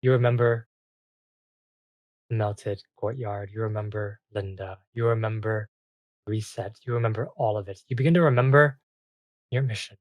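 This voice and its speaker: A game master narrating a tabletop game in a loose, halting way with many fillers. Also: mid-range voice, steady tone, a little mellow, dry recording.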